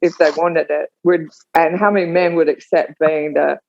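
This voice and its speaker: A woman's voice: low voice, flat delivery, normal speed, gravelly, a little mellow, highs cut off, a little hiss or hum. A woman in a casual chat who hesitates and restarts often as she pushes back on the others' points.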